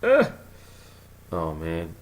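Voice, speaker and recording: A man rambling through a casual vlog monologue, telling a story in an animated way, chuckling and trailing off while he searches for words. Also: low voice, extremely slow, muffled recording. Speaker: conspiracy vlogger.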